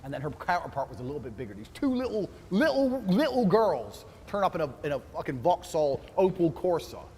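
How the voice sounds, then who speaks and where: A man's voice: a little high, big pitch swings, brisk, darkish tone, big-room sound, slight background noise. A man telling an indignant, swear-filled story and acting out what the other people said. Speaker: storyteller in a played clip. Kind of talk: profane animated anecdote.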